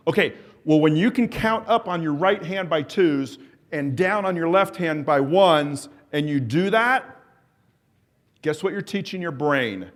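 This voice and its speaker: A man with a notably high voice leads a live exercise workshop. He coaxes and cheers the group and calls out timed cues and countdowns. His talk is eager and encouraging throughout. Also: animated, measured pace. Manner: enthusiastic, encouraging, coaxes the audience. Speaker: exercise coach presenting at a symposium. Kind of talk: live workshop presentation leading an exercise drill.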